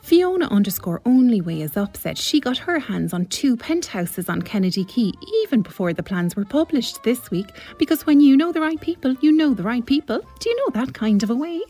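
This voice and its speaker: A woman's voice: on the high side, big pitch swings, a little fast, few pauses, dark tone, soft background music. A woman with a Cork accent voicing a spoiled, property-obsessed young woman who gossips breathlessly. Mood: gossipy.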